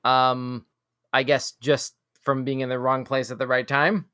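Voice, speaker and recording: A man hosting a live news reaction stream. He reads weird news items aloud and breaks off for quick jokes and asides, often tripping over and repeating his words. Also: medium pitch, smooth, no room sound, clean studio sound. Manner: stumbles and repeats words when excited. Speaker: show host.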